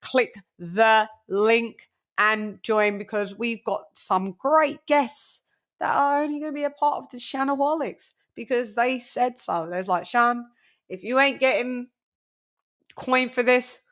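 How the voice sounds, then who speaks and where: A woman hosting a boxing talk stream, chatting casually and giving loud shout-outs, swearing freely. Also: a little high, steady tone, measured pace. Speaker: boxing channel host. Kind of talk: casual livestream chat.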